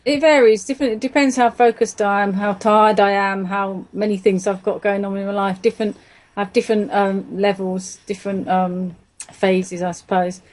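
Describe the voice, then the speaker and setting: A woman's voice: medium pitch, steady tone, moderate pace, a little mellow. A woman, chatting agreeably as a guest in an interview. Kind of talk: conversational interview.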